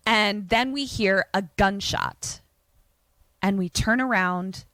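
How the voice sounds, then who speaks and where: A woman co-hosting a podcast, retelling a film with animated energy, fillers and casual swearing. Her voice sits at a middle pitch, recorded close and dry. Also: slow, dry recording. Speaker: podcast co-host.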